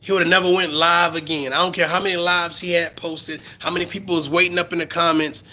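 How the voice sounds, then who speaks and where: A middle-aged man from the Bronx with a New York accent, ranting profanely on a live stream and swinging between low mutters and loud outbursts. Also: little pitch movement, fast.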